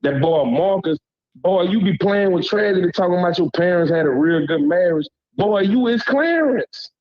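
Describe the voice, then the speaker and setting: A Southern-accented caller from Louisiana talks fairly quickly in a high voice with fairly even intonation, the audio missing its highs. He launches into a heated rant on a call-in panel, full of blunt slang and frequent "you hear me"s.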